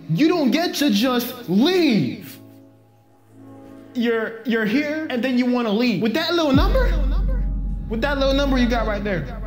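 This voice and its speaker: A man voicing a furious figure who berates a lazy slacker with profane, drawn-out taunts. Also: high voice, roomy sound, voice pushed up, lightly acted.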